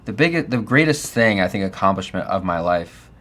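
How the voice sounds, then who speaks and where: A man's voice: sits low, animated, fairly quick, a bit bright. A middle-aged man hosting a casual interview, affirming his guest and reflecting on faith and family. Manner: affirming, frequent "yeah", reflective. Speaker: podcast host.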